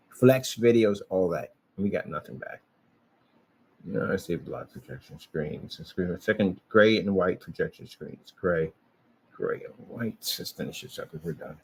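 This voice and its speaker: A man's voice: on the low side, gravelly, rough recording. A man giving a rambling, boastful vlog monologue, repeating himself as he talks. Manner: animated, boastful, repetitive. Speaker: vlogger.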